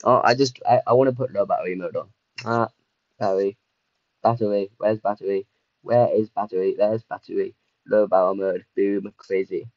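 Young man, low voice, casual gameplay commentary, excitable, self-mocking, dry slightly muffled mic. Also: normal speed, no room sound. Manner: chatty, self-mocking, excitable, lots of fillers. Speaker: streamer.

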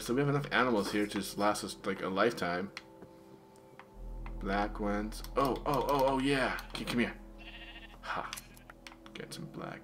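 A man's voice: fairly low pitch, a bit bright. A man casually commenting on his video game play, playful and chatty, talking to the animals in the game. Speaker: gamer.

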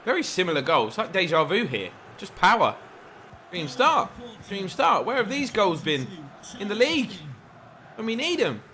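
Young guy commentating his football game, excitable and jokey, slightly high voice. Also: normal speed, slight background noise. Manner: excitable, mock match commentary with jokey asides. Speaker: gaming YouTuber.

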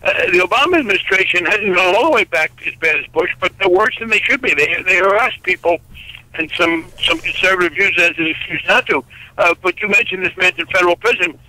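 An older man in his seventies speaks over a telephone line with a high, very sharp and bright voice. He is blunt and wry, emphatic, often stumbling through restarts. The sound is dry and close. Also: quick pace, dry recording. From United States. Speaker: congressman, interview guest. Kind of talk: political interview by phone.

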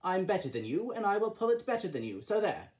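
A woman's voice: medium pitch, sing-song, quick pace, darkish tone, natural voice. A woman doing a bragging diesel engine. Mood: boastful. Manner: boastful, bragging. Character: boastful, proud male diesel engine.

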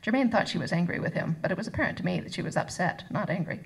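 A woman author reading her novel aloud at a live event, expressive and voicing each character. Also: lowish voice, racing, vocal fry, husky, low-quality recording. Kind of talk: live first-person book reading. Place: arts center reading event.

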